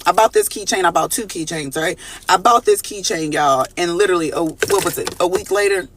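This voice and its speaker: A high-pitched man delivers a collective tarot reading at a rapid clip. He is animated and slangy, calling out to his viewers as he talks from a studio. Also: noisy background. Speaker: tarot reader.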